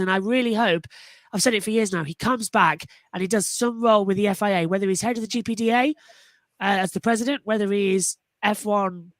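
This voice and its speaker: Excited woman on a racing panel, mid pitch, dry close sound, keeps restarting sentences. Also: no room sound. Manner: enthusiastic, animated, frequent restarts. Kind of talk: casual panel discussion.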